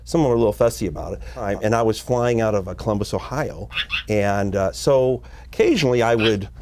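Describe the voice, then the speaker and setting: A man's voice: on the low side, fairly quick, noisy background. A man, a magician guest on a TV talk show, telling a rambling anecdote and laughing often. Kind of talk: casual anecdote. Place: TV studio.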